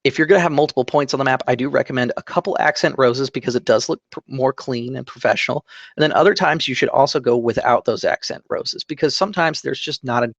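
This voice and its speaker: A man hosting a tabletop game channel, calmly explaining a digital map-drawing tutorial step by step, with fillers and self-corrections. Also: mid-range voice, fast talker, vocal fry, no echo, dull audio. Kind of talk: screen-recorded drawing tutorial. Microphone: desk microphone.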